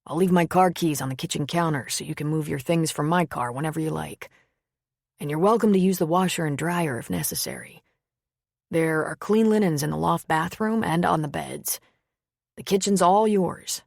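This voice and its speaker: A woman's voice: low voice, lively intonation, moderate pace, gravelly, darkish tone, dry recording, clean studio sound, exaggerated voice. A woman voicing a blunt, wry man in an audiobook, speaking in a plain, offhand way. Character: man who tends to others, blunt and wry.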